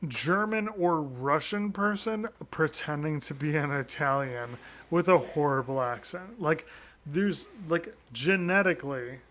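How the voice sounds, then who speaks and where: A man's voice: fairly high pitch, a bit bright. Rambling man in casual podcast chat. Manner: rambling, full of restarts and fillers. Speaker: podcast co-host.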